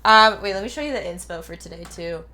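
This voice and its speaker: A woman's voice: medium pitch, expressive, fast talker, pushed and bright. A woman in her twenties chatting casually on a livestream, rambling and playful, swearing now and then. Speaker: streamer.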